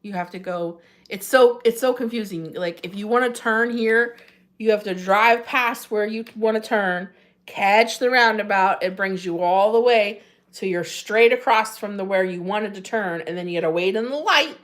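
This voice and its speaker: A woman's voice: medium pitch, moderate pace, fairly bright tone. A woman hosting a casual livestream from home, chatting with viewers and laughing often, her voice jumping up when she greets them. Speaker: livestream host. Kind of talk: casual livestream chat reading comments. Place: home in New Jersey.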